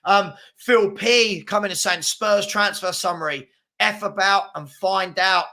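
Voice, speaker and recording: Excitable high-voiced man with a gravelly edge. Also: measured pace. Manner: chatty, excitable, many fillers. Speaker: livestream host reading chat. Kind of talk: casual live stream chat.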